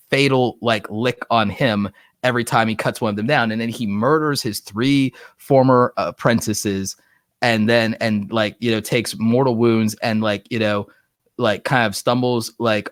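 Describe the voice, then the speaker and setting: A man hosting a live online show, talking excitedly in a rambling way and saying "like" a lot. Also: lowish voice, dry recording, studio quality. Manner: excited, rambling, heavy use of "like". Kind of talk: casual livestream chat. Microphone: online streaming setup.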